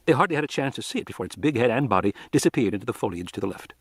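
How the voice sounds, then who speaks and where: A man narrating an audiobook in an expressive, dramatic reading style. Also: medium pitch, racing, slightly rough, no room sound, studio quality.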